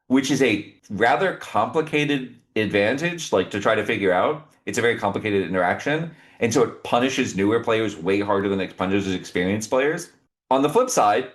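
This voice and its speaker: A young man chatting casually as a podcast guest, opinionated and quick to laugh. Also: lowish voice. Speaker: podcast guest, cube designer. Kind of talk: casual chat.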